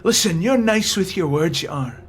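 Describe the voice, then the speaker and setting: A man's voice: high-pitched, expressive, moderate pace, slight background noise, voice pushed up. Man doing a sneering thug sailor. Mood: sneering, aggressive. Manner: crude, sneering, swears a lot. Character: rough, swaggering male sailor gang leader.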